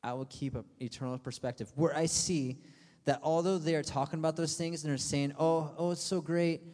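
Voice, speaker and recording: A man's voice: a little high, steady tone, a little fast, darkish tone. Young male youth pastor in a reverberant hall. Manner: casual and chatty, full of fillers, acting out friends' voices for laughs. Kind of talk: youth sermon.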